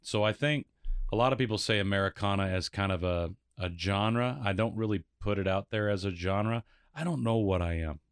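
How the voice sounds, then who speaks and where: A man's voice: lowish voice, brisk, clean tone, dry recording, studio quality. A man who is a singer-songwriter guest, talking in an easygoing, thoughtful and self-deprecating way about his music. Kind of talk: casual interview chat.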